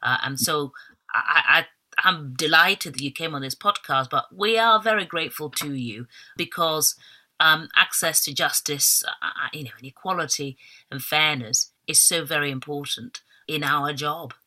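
A woman's voice: deep voice, normal speed, sharp tone. Effusive woman podcast host. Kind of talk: interview podcast.

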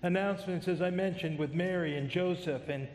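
Middle-aged male pastor, high voice, joking, conversational sermon, echoey hall. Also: brisk, darkish tone. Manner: conversational, self-deprecating humor.

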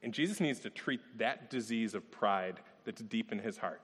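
A man preaching a sermon in a relaxed, conversational way, telling personal stories and asking rhetorical questions. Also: fairly low pitch, moderate pace, husky, big-room sound. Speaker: pastor.

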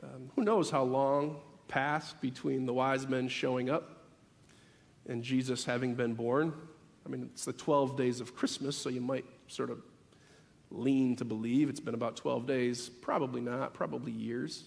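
A man preaching a sermon as the pastor, animated and building to emphatic peaks. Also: medium pitch, unhurried, vocal fry. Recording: long reverb of a large hall.

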